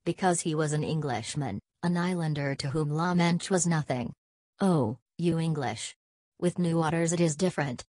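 A woman's voice: low voice, moderate pace, darkish tone, no echo. A woman reading the part of a fussy, vain older male detective, sprinkling in French phrases in a theatrical manner. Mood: lecturing. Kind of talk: audiobook character reading.

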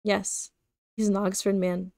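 A woman reading the lines of a gloomy, sentimental older male gangster in her plain, even reading voice. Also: medium pitch, a little slow, creaky, no echo, studio quality.

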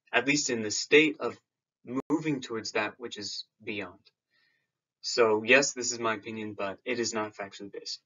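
Guy explaining old texts in a lecture video, kinda halting, lots of ums, audio a bit dull. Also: mid-range voice, sharp tone. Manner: hesitant, with fillers and repeated restarts.

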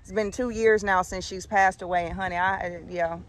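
A woman in her thirties telling a story in a casual vlog outdoors, animated and profane, calling viewers honey and y'all. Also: mid-range voice, normal speed. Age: 30s.

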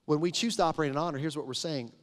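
A man's voice: fairly high pitch, very fast. A middle-aged man, a pastor, preaching a conversational, emphatic sermon with storytelling in a large church sanctuary. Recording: reverberant sanctuary sound.

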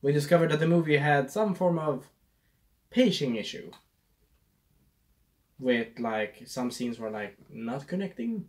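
A man's voice: a little high, expressive, measured pace, long pauses. A man casually reviewing a movie, rambling and losing his train of thought, with a scratchy throat.

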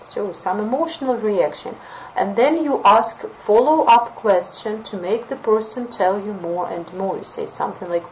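A woman English teacher with a Russian accent running a webinar lesson, lively and playful as she acts out example phrases. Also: medium pitch, moderate pace, a little hiss or hum, rough recording.

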